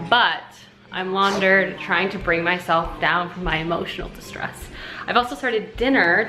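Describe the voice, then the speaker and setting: Young female vlogger, casual and self-deprecating, talks at home into a handheld camera, faint hum behind. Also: medium pitch. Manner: chatty and self-deprecating, with frequent fillers. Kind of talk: casual chat. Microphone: handheld vlog camera.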